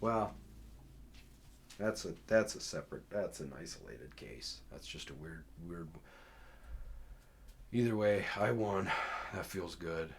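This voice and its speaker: A man's voice: deep voice, animated, takes it slowly, long pauses, a little hiss or hum. A man casually telling a personal story as host, cursing freely and acting out both sides of the conversations. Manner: profane, emphatic, acts out both sides of conversations.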